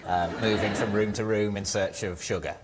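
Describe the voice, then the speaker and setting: A man's voice: fairly low pitch, steady tone, background noise. Dry, skeptical male team captain. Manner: measured, skeptical, dry questioning. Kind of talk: panel show banter.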